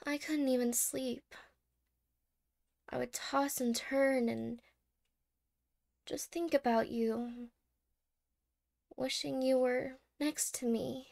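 In a whispered role-play, a woman plays a clingy, anxious young girlfriend who keeps stammering and apologizing. Her voice sits high and carries a gravelly fry. She speaks slowly and softly. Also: fairly even intonation, full character voice. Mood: anxious, teary. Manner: soft-spoken, stammering, apologetic. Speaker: ASMR role-play creator.

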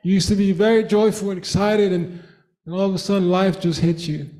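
A man's voice: sits high, steady tone, a little fast, warm tone. A man preaching a sermon in church, fervent, repeating phrases and breaking into laughter. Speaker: pastor.

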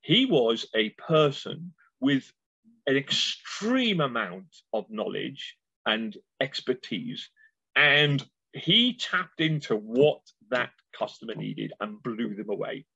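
A man, a guest in an interview, telling stories with lively enthusiasm. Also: medium pitch, slow, gravelly, husky, no echo. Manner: animated storyteller, enthusiastic. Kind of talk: casual interview chat. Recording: dull lo-fi sound.

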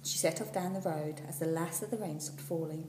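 A woman teacher reading a children's storybook aloud, expressive and at times dropping to a whisper. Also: low-pitched, fairly quick. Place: school classroom. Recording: echoey room, far from the mic, faint hum.

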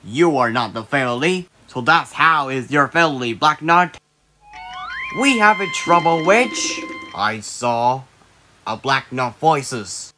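A bright, squabbling cartoon guy. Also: mid-range voice, slow pace, faint music behind. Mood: bickering. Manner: animated, squabbling. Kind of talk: cartoon voice acting.

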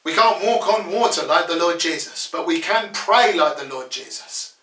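A man's voice: a little high, normal speed, bright, forceful tone. A man preaching a sermon as pastor, emphatic and full of rhetorical questions, in a church. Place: church sanctuary. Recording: echoey church from far off.

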